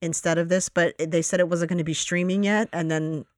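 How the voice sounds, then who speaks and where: A podcast co-host in casual chat, rambling and acting out their own reactions in quick quoted asides. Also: medium pitch, fairly even intonation, dry recording, clean studio sound.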